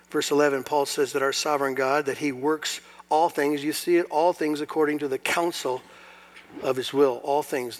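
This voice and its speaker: A man preaches to his congregation in a slightly high voice. He drops to quiet, confiding asides, then builds to loud, emphatic lines and puts rhetorical questions to the room. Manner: asks the audience rhetorical questions. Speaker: pastor. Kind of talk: sermon. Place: church hall before a congregation.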